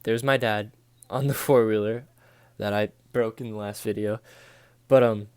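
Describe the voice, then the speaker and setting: Smooth-voiced young man telling a story. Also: fairly low pitch, fairly even intonation, normal speed, no room sound. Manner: slangy and profane, says dude and bro a lot. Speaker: storytelling vlogger. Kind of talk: casual life-story vlog.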